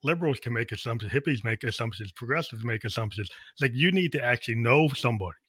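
A man's voice: mid-range voice, lively intonation, quick pace, a bit bright, husky, dry recording. A man from the Boston area in casual conversation, easygoing and thinking aloud with lots of "like". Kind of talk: casual chat.

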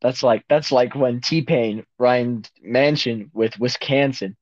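A young man co-hosting a casual podcast, joking in a mock-gloomy, deadpan way. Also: medium pitch, slow pace, no echo, lo-fi sound. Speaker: podcast co-host.

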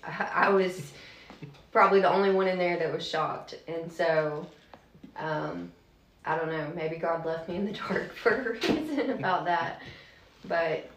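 A woman speaks candidly and casually as a guest, with a slightly low voice. Her voice carries a noticeable echo from the room. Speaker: guest, pastor's wife. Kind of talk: testimony in casual conversation.

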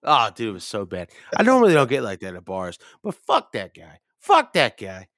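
Drunk, gravelly man ranting and swearing. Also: mid-range voice, huge pitch swings, moderate pace, dry recording, studio quality. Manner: profane, loud, rambling, acts out the people in his stories. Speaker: podcast co-host. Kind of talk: drunken rambling storytelling.

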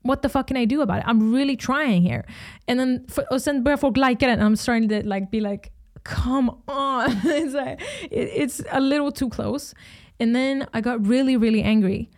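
A young woman with a Swedish accent, hoarse from screaming, chatting casually as a host, swearing often and flaring into animated outbursts. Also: a little high, brisk. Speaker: podcast host. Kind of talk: casual chat.

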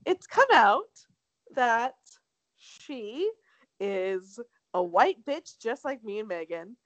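Podcast co-host, young woman, gossipy and slangy, bright-ish voice, dead-dry recording. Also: on the high side, no echo. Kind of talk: casual chat.

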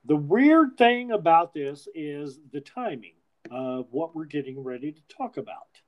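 A man's voice: fairly high pitch, sing-song, measured pace, poor audio. A man hosting a podcast in casual chat, rambling with frequent restarts and swearing freely. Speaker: podcast host.

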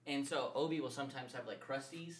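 A man's voice: medium pitch, fast, a little hiss or hum. A man co-hosting a podcast in casual chat, bantering crudely and laughing often, recorded in an echoey room. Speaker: podcast co-host.

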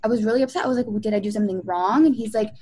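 Rapid-fire, mellow and husky, this medium-pitched voice belongs to a young music video producer recorded in low quality. She's a chatty storyteller in a casual interview, using lots of fillers and acting out quotes.

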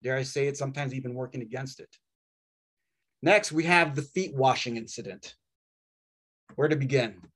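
A man preaching a sermon in a wry, conversational way, with dramatic pauses. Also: medium pitch, fairly bright tone.

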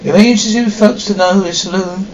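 A man's voice: high-pitched, quick pace, darkish tone, distant mic, lightly acted. A folksy ghost-town tour guide, played by a man, drawling his showman patter. The voice sits well back from the mic in a dull, roomy TV soundtrack with faint background noise.

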